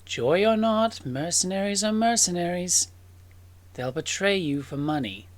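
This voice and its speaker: Blunt young werewolf sister, dry scolding tone, lively pitch, played by the game master. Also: female voice, measured pace, dry recording.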